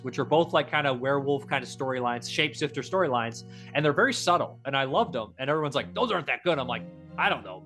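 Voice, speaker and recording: A man's voice: mid-range voice, bright, forceful tone. A man hosting a casual podcast chat, rambling with enthusiasm, full of fillers and restarts, swearing casually. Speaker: podcast host.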